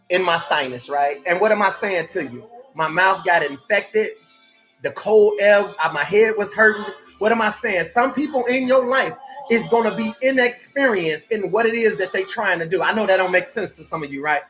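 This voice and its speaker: A man giving motivational life coaching in a fervent, preacher-like way, often shouting and repeating rhetorical questions. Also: high-pitched, moderate pace, faint music behind. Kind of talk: motivational coaching live stream.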